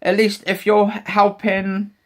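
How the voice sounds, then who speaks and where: A man's voice: high voice, monotone, measured pace. A man chatting casually in a vlog, rambling with many restarts. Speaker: vlogger. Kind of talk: casual chat.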